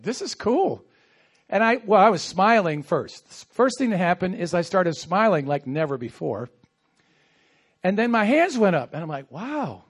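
A man preaching a sermon as a pastor, telling stories animatedly and acting out quoted asides. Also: sits high. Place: church.

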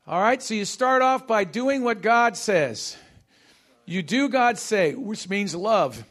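A male pastor preaching a sermon, leading call-and-response with his congregation and shifting between quick bursts and slow, stressed phrases. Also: high voice, lively intonation, fairly bright tone.

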